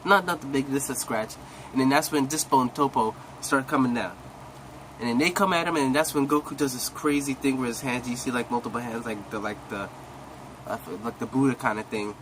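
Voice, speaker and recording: A young man excitedly retelling an anime episode in a casual, rambling way full of slang, coughing now and then. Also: medium pitch, brisk, slight background noise, low-quality recording. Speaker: recap host.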